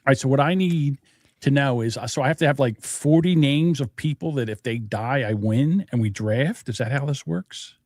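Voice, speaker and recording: A man's voice: medium pitch, moderate pace, darkish tone, no echo. A middle-aged man co-hosting a podcast, chatting casually in a rambling, self-deprecating, scatterbrained way. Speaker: podcast co-host. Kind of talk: casual chat.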